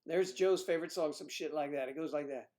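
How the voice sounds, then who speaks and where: A man's voice: fairly high pitch, fairly quick, a little mellow. A man hosting a livestream, rambling and joking between songs with swearing and muttered asides. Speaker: livestream host playing guitar. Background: his own acoustic guitar.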